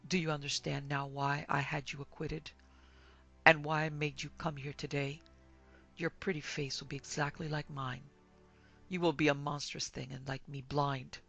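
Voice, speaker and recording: Woman doing a disfigured blind guy, quiet and creepy, gravelly low voice, horror story reading. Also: level tone, normal speed, highs cut off, faint music behind, heavily acted. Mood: menacing. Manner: quiet, menacing, coaxing. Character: bitter disfigured blind man taking revenge.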